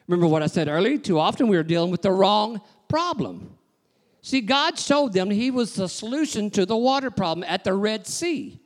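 A man's voice: high-pitched, lively intonation, normal speed. A male pastor preaching a sermon to his congregation, emphatic and rhythmic, with frequent call-outs to the crowd. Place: church sanctuary. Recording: long reverb of a large church hall.

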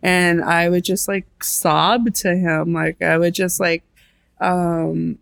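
A woman talks casually in an interview, filling her sentences with "like" and slipping into quoted voices of others. Her voice carries a gravelly fry, and the recording is dry and close. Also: fairly low pitch, steady tone, takes it slowly, a bit bright, no echo. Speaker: artist guest.

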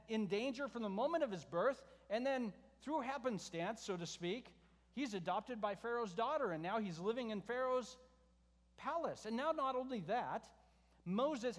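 A man preaching a verse-by-verse sermon, conversational, often asking the congregation questions and shifting his pitch for emphasis. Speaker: pastor. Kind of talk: expository sermon. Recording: reverberant hall sound.

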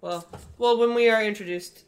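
A woman's voice: on the high side, moderate pace. A young woman co-hosting a podcast, chatting casually and teasing her friends, swearing freely. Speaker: podcast co-host. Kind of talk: casual chat.

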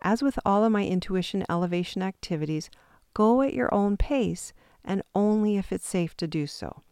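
A woman calmly and patiently leading a guided intuition exercise step by step, with the odd self-deprecating aside. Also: mid-range voice, normal speed, smooth, no room sound, clean studio sound. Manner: calm, patient step-by-step instructions. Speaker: intuition teacher.

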